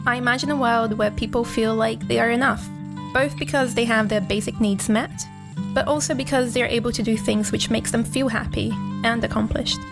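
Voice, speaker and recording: A woman's voice: a little high, steady tone, fairly quick, vocal fry, music in the background. A woman in her twenties from Brazil and London, a podcast guest chatting playfully and laughing often. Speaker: podcast guest, graduate student. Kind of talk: casual podcast chat.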